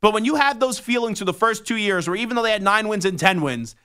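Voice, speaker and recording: A man hosting a sports talk radio show from a studio, telling animated, rambling stories. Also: high voice, fast talker, clean tone. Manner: animated storytelling with rambling restarts.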